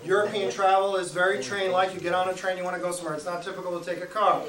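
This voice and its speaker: A man from Nebraska telling a comic travel story at a live show, animated and acting out his own shouting in quoted bits. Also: high voice, rapid-fire. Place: live show venue with audience. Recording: echoey room, mic at a distance, noisy.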